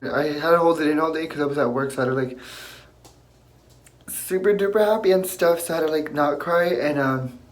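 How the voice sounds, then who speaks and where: Young man crying, halting words. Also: fairly high pitch. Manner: halting, full of "like" fillers. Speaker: vlogger. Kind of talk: emotional confessional vlog. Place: bathroom floor.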